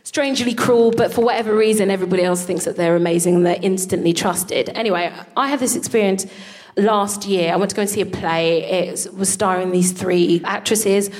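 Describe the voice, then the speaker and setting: A woman co-hosting a live show, telling a comic story on stage in an animated way, swearing freely and laughing through her lines. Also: mid-range voice, brisk. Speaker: co-host. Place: live venue with an audience.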